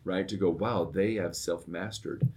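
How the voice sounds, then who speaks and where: A middle-aged man, a podcast co-host, talking casually and telling lively stories, often checking in with "right?". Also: low voice, unhurried. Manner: storytelling, animated when recounting, often asks "right?". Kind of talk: casual conversation.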